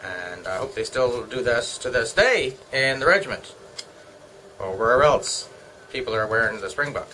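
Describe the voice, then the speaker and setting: Man, middle-aged, from Canada, bright tense voice, meandering joking chat, faint room hum. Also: mid-range voice, expressive, normal speed, poor audio. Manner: joking, meandering, talks to himself. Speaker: vlogger. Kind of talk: casual rambling chat. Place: home.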